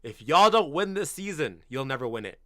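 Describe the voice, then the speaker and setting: His voice runs on the high side, sing-song and a little fast, captured in a dry, studio-quality recording. He's a Canadian in his twenties streaming as a football fan, chatting casually with viewers, blunt and slangy, calling everyone bro and swearing freely. He gets loud and incredulous in bursts.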